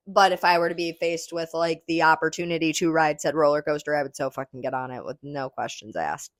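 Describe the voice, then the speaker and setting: Female podcast host, lowish voice, dry close sound; rambling, swearing, easygoing chat. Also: brisk, few pauses, no room sound. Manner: rambling, swears freely, laughs often; relaxed, smoking while talking.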